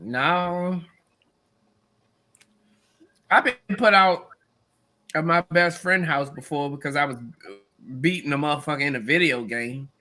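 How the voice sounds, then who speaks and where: A man's voice: on the high side, moderate pace, pushed and bright. A man co-hosting a podcast, talking bluntly and profanely in casual chat.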